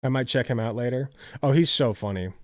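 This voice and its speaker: A man's voice: mid-range voice, fairly quick, dry recording, studio quality. A tired man live-streaming, chatting casually, rambling with lots of "like" and swearing.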